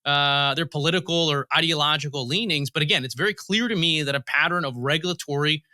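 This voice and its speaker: A man appearing as an interview guest who explains policy in a measured way, starting points with "look" and pausing on "uh". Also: fairly high pitch, bright, forceful tone, no room sound, clean studio sound. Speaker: guest, federal commissioner. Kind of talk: interview answers, storytelling.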